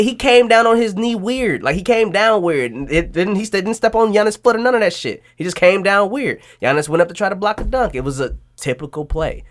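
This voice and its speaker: A man co-host goes off in a heated rant, full of profanity and street slang. He talks casually and with force. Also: high voice. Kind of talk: casual commentary chat.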